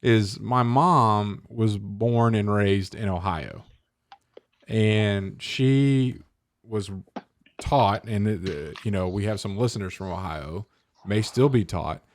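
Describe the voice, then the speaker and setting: A man with a Southern accent, a podcast co-host telling lively stories in casual chat, often laughing. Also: on the low side, measured pace. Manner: animated storyteller, acts out quotes, laughs often.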